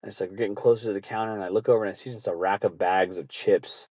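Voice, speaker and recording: Low-voiced man telling profane stories. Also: fairly even intonation, racing, a little mellow, no room sound. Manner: profane, rambling, laughing often. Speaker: podcast host. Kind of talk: casual storytelling.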